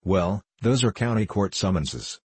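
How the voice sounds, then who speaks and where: A man's voice: low voice, expressive, measured pace, darkish tone, breathy edge, no echo, heavily acted. A man reading the part of a boisterous, suspicious middle-aged doctor who is ruined, talking in a blustering, confiding way.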